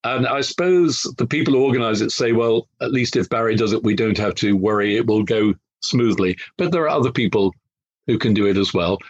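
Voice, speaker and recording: A man's voice: on the low side, fairly quick, breathy edge, no room sound, muffled recording. A man from Liverpool with a faint trace of its accent, co-hosting a casual book chat in a wry, rambling, self-deprecating way. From Liverpool, England. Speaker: podcast co-host.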